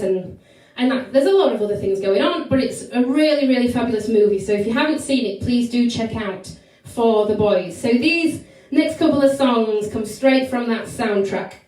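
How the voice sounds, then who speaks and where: A woman's voice: fairly high pitch, a little mellow. A woman singer and performer introducing songs in a bubbly, chatty way, talking straight to her audience during a live stream. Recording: very echoey room, mic at a distance, backing music.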